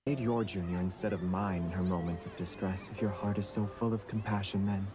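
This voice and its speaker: An actor voicing an aloof, teasing young prince in a game, speaking in a monotone. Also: male voice, deep voice, a little fast, music in the background, lightly acted.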